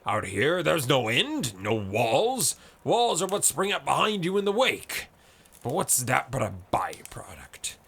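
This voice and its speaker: A man's voice: mid-range voice, very animated, a little slow, creaky, a bit bright, husky, pitched above the performer's own voice, full character voice. A man voicing a boisterous male sea colonel who talks with roaring passion. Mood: impassioned. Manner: roaring, impassioned.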